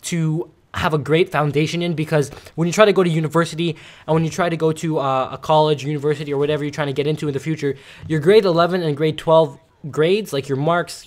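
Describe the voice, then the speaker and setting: Teenage boy, gameplay commentator, casual rambling rant, fillers and restarts, somewhat high voice. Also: fairly even intonation, fast. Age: teens.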